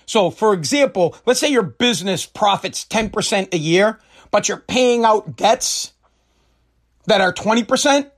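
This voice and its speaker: A middle-aged man in a heated, profane rant, often stumbling and restarting his sentences. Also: high-pitched. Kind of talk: angry political rant.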